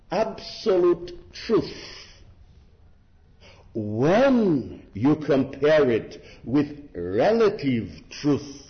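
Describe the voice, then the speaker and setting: A man preaching a sermon in a slow, deliberate, emphatic way, with rhetorical asides to his listeners. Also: on the high side. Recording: muffled lo-fi sermon recording.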